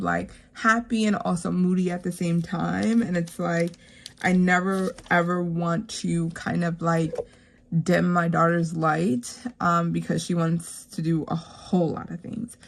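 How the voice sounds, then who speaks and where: A woman in her thirties talks through her savings envelopes slowly, pausing often with fillers. Her voice sits a little low and has a gravelly fry. A faint hiss runs under the recording. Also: level tone. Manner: rambling, heartfelt, frequent fillers, whispered counting. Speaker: savings vlogger. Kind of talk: casual chat while stuffing savings envelopes.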